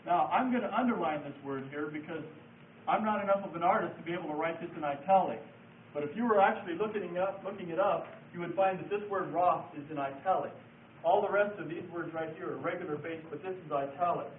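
A man with a fairly high voice gives a patient, step-by-step lesson, repeating his key words. He sounds distant and echoey, as if taped from the back of a room. The sound is thin and phone-like, with a faint hiss underneath. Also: fast talker. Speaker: Bible study teacher. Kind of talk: classroom lecture with board writing.

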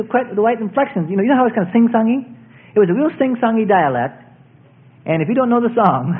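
A man preaching a sermon to his congregation, his voice sitting a little high and swinging widely up and down. He tells folksy, rambling stories, often restarting his sentences. The recording is thin and tinny, as if heard over a phone line. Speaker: pastor.

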